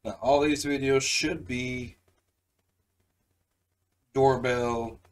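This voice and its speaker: A man's voice: mid-range voice, moderate pace, rough recording. A man hosting a reaction video, chatting casually and joking with lots of fillers.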